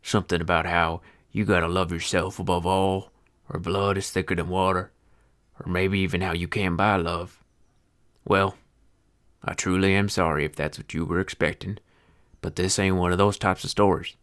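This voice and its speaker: A deep-voiced bitter old Western feed seller. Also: male voice, level tone, normal speed, fairly bright tone, clear, resonant tone. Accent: old-timey Western American twang. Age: older. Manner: grumbling, sardonic, cursing folksy storyteller. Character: bitter old male horse-feed seller, near seventy. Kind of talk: film narration.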